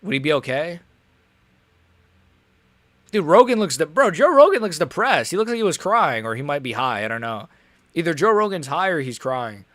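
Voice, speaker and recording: A man's voice: a little high, sing-song, moderate pace, pauses often, a bit bright, no echo. A young man hosting a live stream, reacting in casual, rambling talk, frustrated and swearing. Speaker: livestream host.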